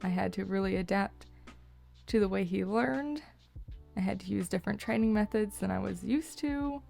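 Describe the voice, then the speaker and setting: A young woman narrating her horse vlog as a voice-over, cheerful and quick to laugh. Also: mid-range voice, vocal fry, darkish tone, faint music behind. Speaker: horse owner, vlogger.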